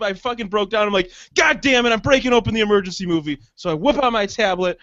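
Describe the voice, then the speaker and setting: High-voiced man telling a rambling story. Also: fast, a bit bright, no echo, muffled recording. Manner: profane rambling storyteller, laughs often. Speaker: podcast co-host. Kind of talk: casual comedic chat.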